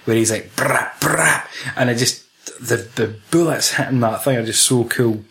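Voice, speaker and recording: A young Scottish man talking casually about a film, his voice sitting at an ordinary middle pitch. He laughs often and acts out bits of dialogue from scenes as he goes. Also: fairly even intonation, normal speed.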